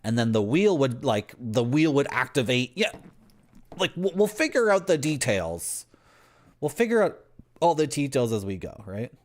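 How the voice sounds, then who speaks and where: A young man streaming a video game live, rambling through deadpan absurd tangents as he plays. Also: mid-range voice, normal speed. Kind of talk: live gameplay commentary.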